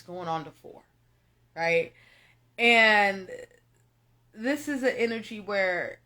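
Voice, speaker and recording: A woman's voice: mid-range voice, sharp tone. A young woman doing a tarot reading, talking straight to her viewers in an emphatic, repetitive way that is full of swearing. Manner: emphatic, repetitive, profane, addresses viewers directly. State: tearful at moments. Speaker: tarot reader. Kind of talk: casual spiritual reading monologue.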